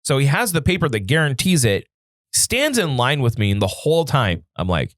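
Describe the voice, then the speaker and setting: Here a podcast co-host with a medium-pitched voice speaks at a normal speed, recounting a story during a casual conversation. He's lively, breaking in and putting on voices. The audio is dry and studio quality.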